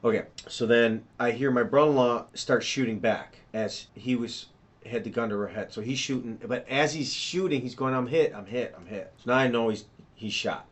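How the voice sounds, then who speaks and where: A man giving a rambling, fast account to police as a witness, restarting sentences and sketching a map while he talks. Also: mid-range voice. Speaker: witness being interviewed by police. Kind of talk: police interview statement.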